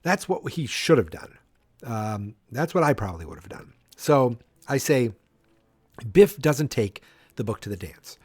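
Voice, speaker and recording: A man's voice: medium pitch, sing-song, a little slow, darkish tone, slightly rough, dry recording, clean studio sound. A man hosting a solo podcast, rambling and interrupting himself as he acts out scenes. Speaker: podcast host.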